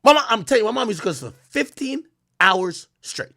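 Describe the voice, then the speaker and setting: A man hosting a livestream, ranting in profane, animated commentary that swings from loud outbursts to low muttering. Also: fairly quick, dry recording, studio quality. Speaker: livestream host.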